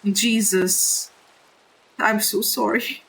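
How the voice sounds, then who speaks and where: A woman with a non-native English accent chatting candidly on a live stream while gaming, halting and apologetic. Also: mid-range voice, fairly even intonation, fairly bright tone, breathy edge, low-quality recording.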